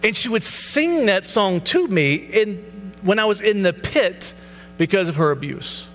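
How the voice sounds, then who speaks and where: A man's voice: high-pitched, expressive, measured pace, a bit bright, soft background music. A man in his thirties, a pastor giving a personal testimony sermon, telling his story earnestly and acting out the dialogue. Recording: hall reverb, faint hum.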